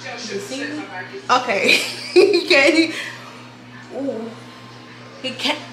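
A woman vlogger chatting casually with a friend, laughing and bantering loudly. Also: high-pitched, expressive, takes it slowly, roomy sound, over music. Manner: loud, laughing, joking banter.

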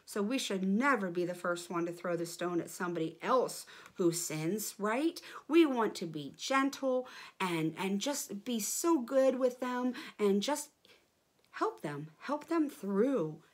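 A woman's voice: mid-range voice, animated, takes it slowly. A woman leading a children's church lesson, speaking in an encouraging way to kids.

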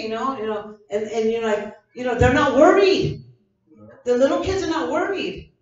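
A woman's voice: a little high, animated, normal speed. An older woman preaching with fervent conviction, circling back over her own words as she builds each point. Her voice carries from a distance through a heavily echoing church hall. The sound is dull and muffled. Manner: fervent, repetitive preaching with many restarts. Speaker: pastor. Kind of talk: evening sermon. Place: church sanctuary.

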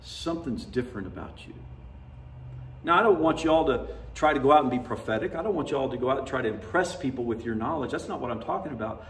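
A man's voice: medium pitch, expressive, fast, few pauses, a bit bright, a little hiss or hum. Folksy preaching man in a roomy church. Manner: conversational, folksy storytelling preaching with laughter. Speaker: pastor. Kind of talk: sermon. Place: church sanctuary. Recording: roomy, distant church mic.

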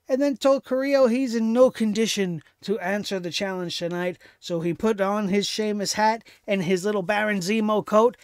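A man with a notably high voice delivers a solo wrestling review, sarcastic and exasperated, swearing as he rants. The sound is dry and close, with no room around it. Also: dry recording. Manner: sarcastic, exasperated ranting with profanity. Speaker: host of a wrestling review show.

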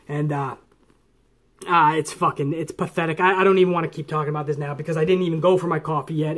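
A man hosting a wrestling commentary show, ranting angrily and swearing a lot. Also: a little high. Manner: angry, swearing, mocks referees in put-on voices.

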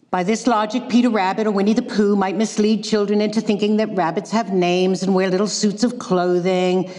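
Woman lecturer, wry deadpan delivery, lively pitch, echoey hall. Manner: dry, ironic, deadpan asides. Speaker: guest lecturer. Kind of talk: public lecture, retelling a tale.

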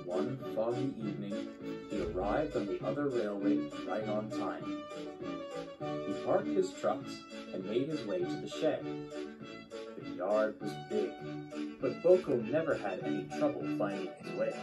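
A man reads a train story slowly, with a lively, rising and falling voice. Loud music plays steadily under his narration. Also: lowish voice, low-quality recording. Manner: measured, expressive storytelling.

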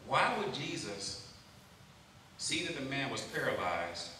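A man giving a lively youth sermon at a camp, often calling out questions to his listeners. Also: mid-range voice, a little hiss or hum. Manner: lively, calls out questions to the crowd. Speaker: camp speaker. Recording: very echoey hall, mic far off.

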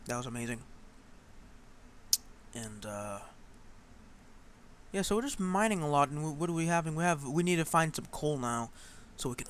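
A man's voice: on the high side, lively intonation, normal speed, pauses often, a bit bright, slight background noise. A man hosting a game play-through, chatting in a rambling way with many fillers. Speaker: gaming channel host. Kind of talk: let's play commentary.

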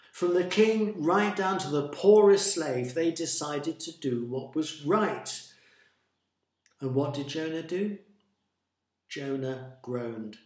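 A man telling a Bible story for a church reflection in a slow, deliberate, expressive way. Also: fairly high pitch, reverberant.

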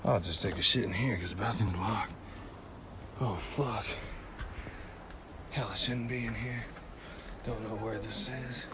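A man vlogging on a road trip, crude and excitable, swearing constantly as he talks. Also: mid-range voice, measured pace, creaky, pauses often. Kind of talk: profane outdoor travel vlog. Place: outdoors at nature spots on a road trip. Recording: loud outdoor noise, wind and vehicles.

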